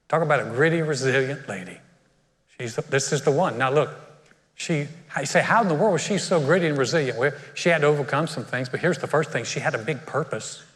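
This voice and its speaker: A fairly high-pitched man preaching in a church sanctuary with a long hall reverb trailing his words. He delivers his sermon with animated humor, slipping into the voices of the people in the story. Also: fairly quick. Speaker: senior pastor.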